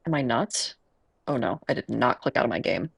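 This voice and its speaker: Using earbuds and a desk mic, a Chicago-accented game streamer from the Midwest chats casually while playing live. The medium-pitched voice is brisk and slightly rough, with vocal fry and lively intonation. The talk rambles, full of fillers and self-aware laughs.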